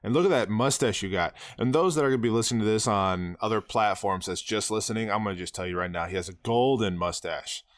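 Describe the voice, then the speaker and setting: Male podcast host, low voice, eager, dry close mic. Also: dry recording. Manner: enthusiastic, quick to laugh and hype up his guest. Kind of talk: casual podcast interview.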